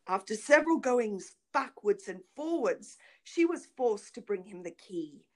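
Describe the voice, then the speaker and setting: A woman narrating an old fairy tale in an expressive, dramatic reading. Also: medium pitch, unhurried. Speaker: reader. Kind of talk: storybook narration.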